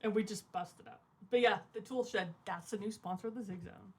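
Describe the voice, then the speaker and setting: A woman co-hosting a casual podcast, animated and laughing as she tells stories. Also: mid-range voice, a little fast. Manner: animated, laughing, talks over others. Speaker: co-host.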